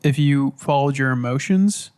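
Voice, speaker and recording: A man's voice: mid-range voice, normal speed, a little mellow, clear, resonant tone. A man hosting a podcast in casual chat, stuffy from a cold, talking in an earnest, reflective way. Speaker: podcast host.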